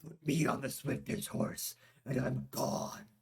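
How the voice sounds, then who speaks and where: A man's voice: mid-range voice, fairly even intonation, slow pace, creaky, a little mellow, slightly rough, voice pushed up, heavily acted. A man doing a grim, vengeful warrior Drog.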